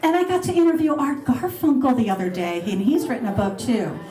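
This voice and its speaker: A woman's voice: high voice, a little fast, mellow. A middle-aged woman radio host chatting and taking questions at a restaurant luncheon, bubbly and laughing. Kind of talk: casual talk and Q&A with an audience. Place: restaurant dining room. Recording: roomy live event recording.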